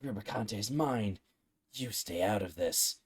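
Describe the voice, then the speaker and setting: A man's voice: fairly low pitch, expressive, slow, breathy edge, full character voice. A man voicing a brash, hot-headed young ninja prince in a half-joking, mock-heroic reading while dubbing a game live. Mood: defiant. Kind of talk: live game dub over cutscenes.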